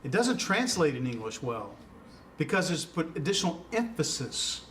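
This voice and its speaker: A man's voice: a little high, sing-song, normal speed, a bit bright. A man teaching a Greek class in a casual lecture style, with many fillers and questions to his students. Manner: informal, filler-heavy explaining with questions to students. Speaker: Greek instructor. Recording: distant mic, faint noise.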